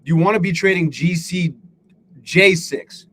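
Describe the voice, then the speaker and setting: A man's voice: a little high, a little slow, slight background noise. Profane, self-critical man livestreaming trades. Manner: reads out chat names. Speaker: livestream host. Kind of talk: live trading stream chat.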